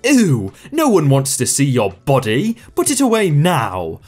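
Man reading as an indignant, entitled woman in her forties making demands; lively, swooping delivery over light music. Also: deep voice, measured pace, exaggerated voice. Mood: disgusted. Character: shrill entitled middle-aged woman shopper.

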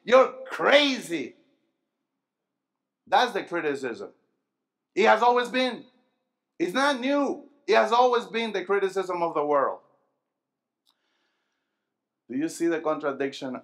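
A man preaching a sermon to young people, asking the congregation questions and calling for answers, moving between low, quiet stretches and loud emphatic bursts. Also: animated, moderate pace. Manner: call-and-response, asking the crowd questions. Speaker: pastor. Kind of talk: sermon to a youth rally.

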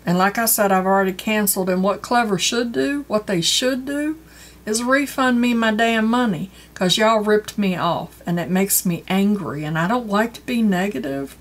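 A woman's voice: mid-range voice, unhurried. A woman reviewing a beauty box unboxing in casual, frank chat, openly annoyed about value. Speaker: beauty vlogger. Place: home porch.

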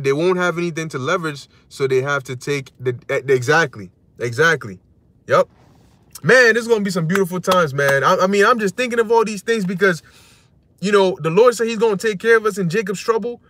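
A man's voice: high voice, a bit bright, dry recording. A man giving a casual religious talk, slangy and conversational, full of "you know" and short laughs. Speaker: religious teacher.

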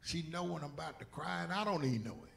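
A man preaching a sermon as pastor, swinging between loud shouts and hushed whispers. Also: a little high, lively intonation, quick pace, creaky, a little hiss or hum. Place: church sanctuary.

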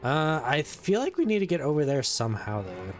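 A man giving casual let's play commentary, excitable, talking to the game and saying "dude" a lot. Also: fairly high pitch, fairly quick, a little hiss or hum. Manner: excitable, talks to the game and its characters.

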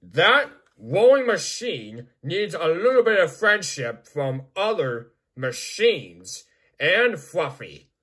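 A man voicing a cheerful, friendly male builder in an amateur storybook act, talking slowly and gently. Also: fairly high pitch, sing-song, breathy edge, heavily acted. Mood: upbeat.

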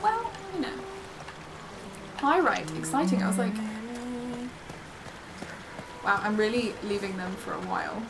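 A woman chatting excitedly while playing a game on a live stream, gasping and giggling and reading game text aloud. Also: mid-range voice, normal speed, vocal fry, noisy background. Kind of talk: casual live-stream chat.

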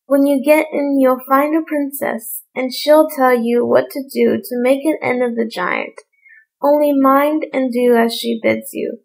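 A woman's voice: sits high, fairly even intonation, measured pace, vocal fry, exaggerated voice, poor audio. Woman reading as a reassuring grey wolf. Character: helpful talking grey wolf.

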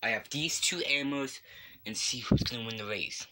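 A man's voice: mid-range voice, moderate pace, heavy background noise. Playful young man narrating a game. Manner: playful, makes animal noises and cheers. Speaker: video maker voicing toy-like game characters. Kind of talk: playful game commentary with voiced characters.

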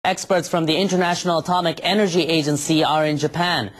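A man reading a broadcast news report in a measured, formal way. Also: fairly high pitch, fairly even intonation.

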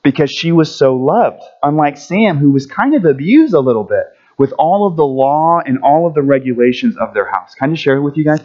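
A man giving a children's story at a church service, friendly and animated, asking the kids questions as he goes. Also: fairly high pitch, fairly quick, few pauses, highs cut off.

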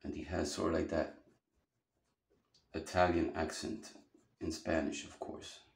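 A man's voice: low-pitched, level tone, measured pace, vocal fry, echoey room. A man teaching a drawing lesson, talking casually and thinking aloud as he sketches.

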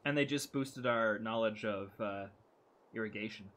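A man in his thirties co-hosts a casual game livestream, his voice fairly low and fairly bright at a moderate pace. He jokes around in the gaming stream chat and often trails off mid-sentence.

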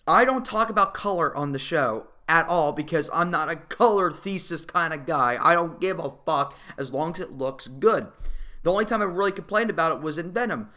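A man's voice: fairly high pitch, sharp tone. A young man reviewing a movie in a casual, profane, exasperated rant.

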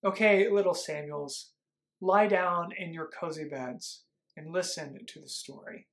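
A man leads young children through a Bible story as their pastor. He talks very slowly and gently. He pauses often for call-and-response lines. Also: a little high.

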